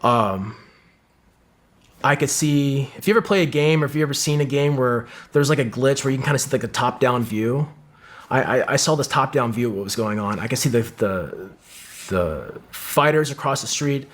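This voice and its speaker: A man's voice: medium pitch, normal speed. A middle-aged man, a former Marine sniper, telling a vivid combat story in casual talk, with lots of swearing and acted-out quotes. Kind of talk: casual war story in an interview.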